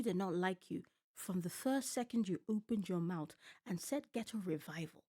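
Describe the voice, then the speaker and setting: A woman with a lowish voice speaks at a moderate pace with few pauses. She's a streamer at home at night, casually reacting to a TV show and animatedly swearing and ranting at what's on screen.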